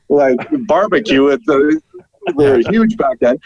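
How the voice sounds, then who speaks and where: A middle-aged Canadian radio broadcaster telling lively anecdotes as a podcast guest, laughing and acting out what people said. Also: male voice, medium pitch, a little slow, rough recording. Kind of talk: storytelling in a podcast interview.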